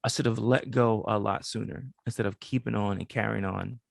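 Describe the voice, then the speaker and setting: Gravelly young man telling a story. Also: fairly low pitch, moderate pace, no room sound, clean studio sound. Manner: relaxed storyteller, swears casually. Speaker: podcast co-host. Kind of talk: casual storytelling.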